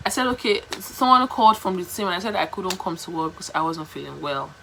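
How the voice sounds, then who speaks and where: A woman's voice: fairly low pitch, quick pace, vocal fry, slight background noise, low-quality recording. Chatty Nigerian woman telling a story. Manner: chatty, animated, repeats herself, slips into pidgin. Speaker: vlogger. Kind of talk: casual storytelling to camera.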